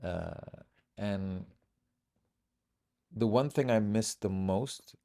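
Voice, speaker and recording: Deep gravelly man telling stories. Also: very slow. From Bahrain. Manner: animated storyteller acting out quoted voices. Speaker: podcast guest, comedian. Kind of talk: casual storytelling chat.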